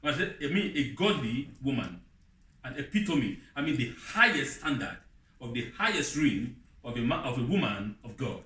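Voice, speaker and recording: Animated man preaching in a roomy hall. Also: moderate pace, far from the mic. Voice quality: non-native English with broken grammar. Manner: animated, mimics other voices in a high pitch. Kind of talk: sermon.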